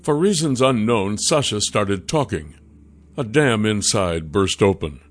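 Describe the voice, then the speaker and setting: Calm male storybook narrator. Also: on the low side, measured pace, soft background music.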